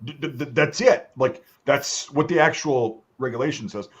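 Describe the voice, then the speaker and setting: A man's voice: medium pitch, normal speed. A man telling a story in casual, profane podcast chat, acting out the voices of people he quotes. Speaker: podcast host. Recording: slightly dull lo-fi sound.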